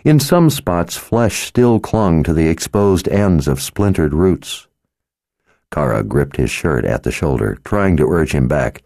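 A man narrating an audiobook with a very deep, dark voice. He reads in an even, measured, dramatic style. The studio recording is close and dry. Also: vocal fry, no echo. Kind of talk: scripted narration.

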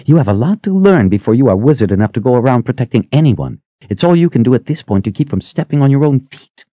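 A stern, protective young sorceress speaks in hushed, urgent whispers, as a male narrator puts her on. The voice sits well above his natural low register and swings with feeling. The recording is dry and a little muffled. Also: big pitch swings, brisk, slightly rough, no room sound. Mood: harsh scolding. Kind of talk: audiobook character voice.

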